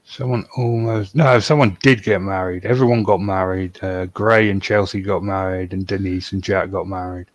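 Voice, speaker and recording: Male podcast co-host, lowish voice, teasing storyteller, dry close-miked sound. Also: fairly even intonation, normal speed, few pauses, dry recording, highs cut off. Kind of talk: casual banter.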